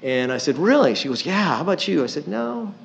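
A man's voice: medium pitch, expressive, fast talker, a bit bright. A middle-aged man preaching a sermon in a conversational way, with dry humor and frequent asides. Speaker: pastor. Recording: dull lo-fi sound.

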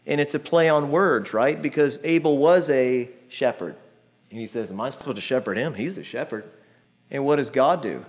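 A man's voice: mid-range voice, moderate pace, highs cut off. A man preaches a sermon in a conversational, emphatic way, often putting questions to the congregation.

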